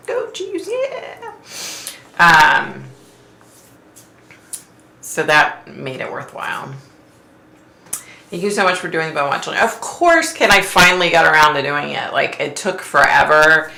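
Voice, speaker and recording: A middle-aged woman hosting a casual live stream, giggling often and greeting viewers by name in high squeals. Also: vocal fry, bright, forceful tone. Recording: roomy echo with faint noise.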